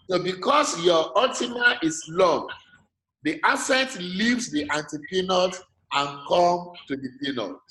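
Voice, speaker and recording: A man's voice: fairly high pitch, a bit bright. Nigerian-accented male lecturer, echoey room. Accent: Nigerian English. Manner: patient, checks often that students follow. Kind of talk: online class teaching with call and response. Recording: echoey room, faint noise.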